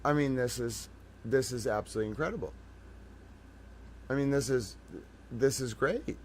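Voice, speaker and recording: A man hosting a late-night livestream, tired from a long day, talking in an excitable, rambling, profane way to his viewers. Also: mid-range voice, normal speed, slight background noise. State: tired from being up all day. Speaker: livestream host.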